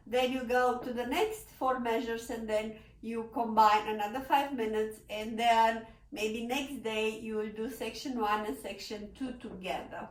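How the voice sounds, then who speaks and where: A woman teaching a piano lesson in non-native phrasing, laughing often and pleading with students to stay relaxed, with a piano in the room. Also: a little high. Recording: echoey room, mic at a distance. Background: piano playing.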